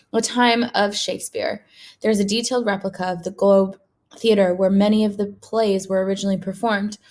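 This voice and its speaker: Woman reading a storybook to kids. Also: medium pitch. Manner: steady, clear reading to children. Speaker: teacher reading aloud. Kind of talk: read-aloud storybook narration.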